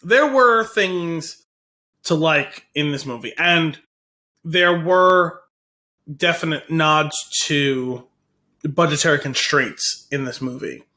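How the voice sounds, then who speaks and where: A man with a high, sharp, bright voice co-hosts a casual movie podcast. He gives frank, opinionated takes, hedging and searching for words with many fillers. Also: slow pace. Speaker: podcast co-host.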